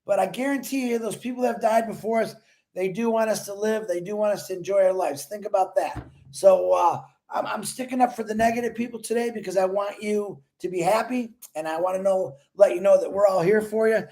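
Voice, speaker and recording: A man with a strikingly high voice hosts a casual livestream. He talks in an emotional, effusive way and greets his viewers one by one by name. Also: fairly quick, a little mellow. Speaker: livestream host.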